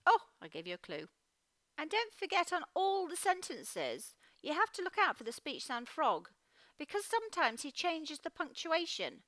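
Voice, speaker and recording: A woman teaching a phonics lesson to children, sounding out words slowly and clearly. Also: sits high, pushed and bright, no room sound.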